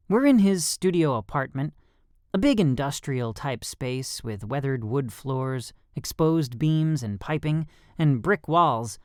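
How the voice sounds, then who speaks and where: Guy reading a first-person audiobook, lots of pitch swing, dry studio mic. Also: expressive, takes it slowly, no room sound. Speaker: audiobook narrator.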